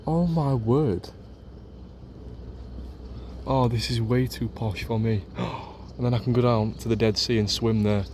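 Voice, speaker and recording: A man's voice: fairly low pitch, little pitch movement, moderate pace, hardly any pauses, a little mellow, slight background noise. A man from Leeds with a Yorkshire accent, gushing in a casual travel vlog to a handheld camera and repeating his phrases. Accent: Yorkshire English. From Leeds, England. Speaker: travel vlogger.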